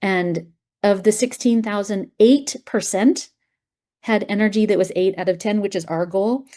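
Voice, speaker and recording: Mellow-voiced woman, emphatic interview guest. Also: mid-range voice. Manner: emphatic, opinionated, quick asides. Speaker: guest, acupuncturist and app founder. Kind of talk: conversational interview.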